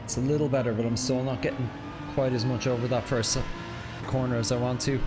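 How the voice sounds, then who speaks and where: A man's voice: mid-range voice, level tone, brisk, loud music behind the voice. Man, sim racing streamer, casual chat, apologetic, reads chat aloud. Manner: chatty, apologetic, answers viewer chat aloud.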